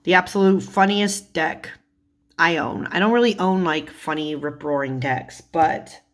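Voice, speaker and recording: This tarot vlogger's pitch is fairly low and her pace a little slow. Chatting casually about tarot cards, she laughs frequently, swears offhandedly, and comes across as giggly.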